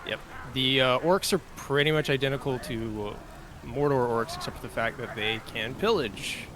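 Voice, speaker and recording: Man, game mod developer, relaxed casual explaining, faint background hum. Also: medium pitch, moderate pace. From Southern US. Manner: relaxed explaining with many fillers. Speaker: mod developer presenting a faction. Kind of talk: casual game livestream chat.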